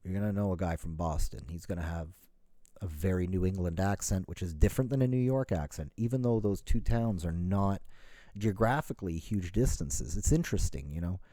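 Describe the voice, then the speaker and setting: Man, middle-aged, from Canada, deep voice, dry close sound, rambling casual talk. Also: brisk, dark tone, dry recording. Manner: rambling, self-correcting, lots of "you know". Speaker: podcast host.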